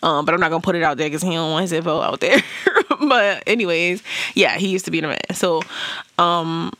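Chatty bright-voiced woman, dry sound. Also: fairly low pitch, steady tone, a little fast, dry recording. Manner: chatty, lots of "you know what I'm saying" and laughs. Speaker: vlogger. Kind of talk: casual storytelling to camera.

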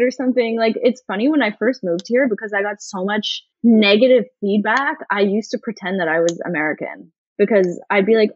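A young woman talking casually as a podcast guest, animated and laughing often. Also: medium pitch, fairly quick, no room sound, muffled recording.

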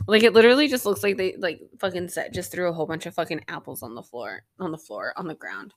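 A woman's voice: on the low side, lively intonation, fast talker, no room sound. A young woman hosting a podcast, recapping an episode in a rambling, sarcastic way with plenty of swearing and filler words. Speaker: podcast host.

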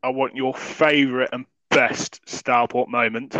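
A man hosting a podcast, telling a story in quick, animated bursts. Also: medium pitch, no room sound, poor audio. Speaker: podcast host. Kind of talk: casual storytelling chat.

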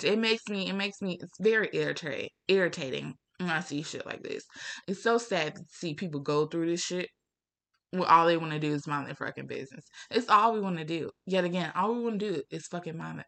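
A woman's voice: brisk, gravelly, a bit bright. A young woman venting in a casual, profane rant to camera, firing off exasperated rhetorical questions. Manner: rhetorical questions, pitch leaps up when worked up. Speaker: vlogger.

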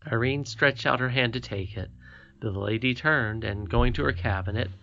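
A man narrating a storybook as an audiobook reader, soft and unhurried. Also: mid-range voice, vocal fry, highs cut off.

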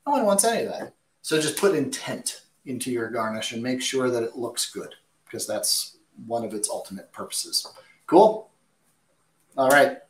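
A man's voice: mid-range voice, expressive, normal speed, slight background noise. Give me a man chef answering viewer questions with emphatic, casual kitchen advice, recorded in an echoey room. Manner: emphatic, chatty, direct.

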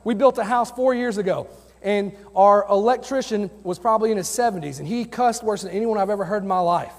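In a church sanctuary with long hall reverb, a youth pastor with a high, brisk voice preaches earnestly and conversationally. He shares personal stories from the pulpit.

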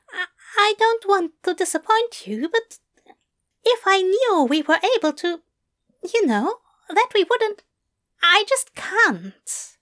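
A woman's voice: extremely high pitch, fairly bright tone, pitched above the performer's own voice, full character voice. A woman voicing a fussy, anxious male angel who talks in a flustered, hesitant way.

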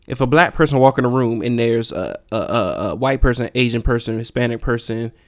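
A man's voice: mid-range voice, brisk. A man hosting a podcast, delivering a heated, profane solo rant full of emphatic rhetorical questions. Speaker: podcast host. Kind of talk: casual ranting monologue.

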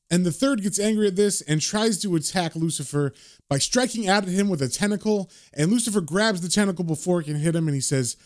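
A man retells a comic book in an easy, conversational way, dropping in offhand asides. His voice sits a little high for a man. The telling is relaxed, not performed. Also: brisk. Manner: casual, conversational, hedging asides. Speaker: narrator.

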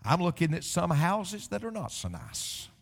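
A male pastor delivers a sermon in a high, animated voice that leaps around in pitch. He mixes jokey stories with scripture and stumbles into the odd restart. The sound carries a long reverb from a church sanctuary. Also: moderate pace, gravelly, husky. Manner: storytelling preacher mixing jokes with scripture, animated delivery; occasional stammering restarts.

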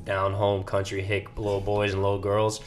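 A man's voice: lowish voice, completely flat delivery, normal speed, slight background noise. A young man co-hosting a podcast, chatting casually and laughing often. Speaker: podcast co-host. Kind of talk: casual chat.

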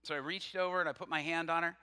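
A man preaching a sermon, telling a story with quoted dialogue and swinging from loud to hushed. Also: a little high, steady tone, fast, smooth, in a large hall.

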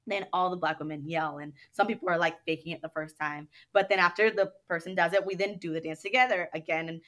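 A woman guest in a casual interview, telling stories in an animated way and acting out what others said. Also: lowish voice. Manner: animated storyteller who acts out what others said. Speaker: guest, dance studio owner.

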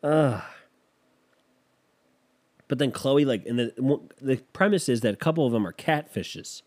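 A man's voice: medium pitch, animated, a little slow, a little mellow. A man telling a rambling, self-deprecating story in casual chat, losing his thread and picking it back up.

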